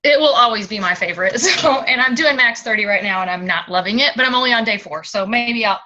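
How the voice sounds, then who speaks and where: A woman's voice: on the high side, quick pace, pushed and bright. A woman joining an online hangout who asks questions in an eager, giggly way. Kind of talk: casual chat. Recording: dull lo-fi sound.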